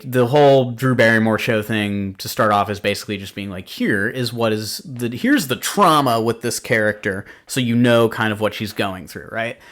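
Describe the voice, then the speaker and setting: A young adult man with a medium-pitched, somewhat bright voice hosts a podcast. He chats casually through a film recap, full of filler words and rambling asides.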